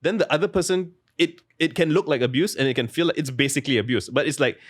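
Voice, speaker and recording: A man's voice: a little high, fast, breathy edge, no echo, studio quality. A young man talking casually as an interview guest, rambling and full of "like" fillers. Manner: rambling, heavy use of "like", restarts mid-thought. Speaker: guest author.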